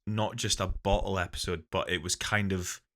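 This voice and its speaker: A man on a podcast who thinks aloud and often restarts his sentences. His voice sits low but has a bright, forceful edge. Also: fairly even intonation, normal speed. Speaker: podcast co-host. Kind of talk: casual chat.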